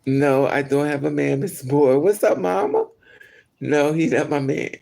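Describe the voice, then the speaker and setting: A man's voice: a little high, very animated, unhurried, gravelly, a little mellow. A man chatting candidly with his livestream viewers, telling a personal story and answering comments. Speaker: vlogger.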